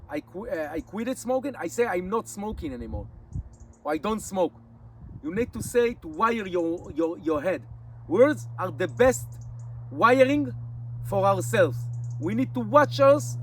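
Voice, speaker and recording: A man in his forties with an Israeli accent, a native Hebrew speaker, talking casually to his camera outdoors in the mountains in halting English, his mouth dry from fasting. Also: high voice, a little hiss or hum. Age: 40s. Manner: rambling, restarts often, halting English. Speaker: nomad vlogger. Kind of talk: casual vlog monologue.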